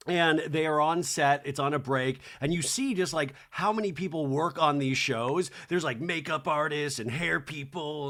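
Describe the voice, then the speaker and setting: Animated man recapping TV with jokes. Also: a little high. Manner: animated, jokey, full of impressions and "like". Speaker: podcast host. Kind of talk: comedic TV recap monologue.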